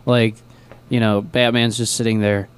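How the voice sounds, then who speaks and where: A man's voice: lowish voice, flat delivery, normal speed, smooth. A young man co-hosting a radio show, chatting casually in a rambling, joking way with lots of fillers. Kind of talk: casual chat.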